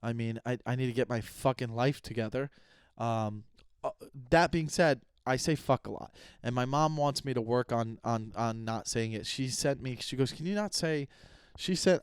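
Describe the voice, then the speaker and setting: A young man, a comedian, hosts his own podcast in a casual solo monologue, rambling with self-mocking humor and frequent cursing. His mid-range voice is clean and moderately paced, recorded dry with studio quality.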